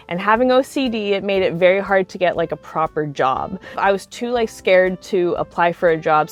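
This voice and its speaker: This young adult woman has a voice on the low side. She's a cosplay video creator telling relaxed, chatty stories to the camera, full of likes and you-knows.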